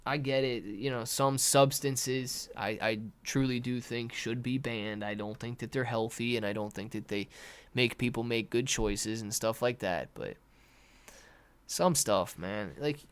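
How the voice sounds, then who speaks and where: A man's voice: mid-range voice, unhurried, clean tone. A young man hosting a live stock and crypto stream, talking casually, reading chat questions and slipping into sarcastic rants. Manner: animated, sarcastic rants, reads chat aloud. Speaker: livestream host. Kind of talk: casual live market commentary.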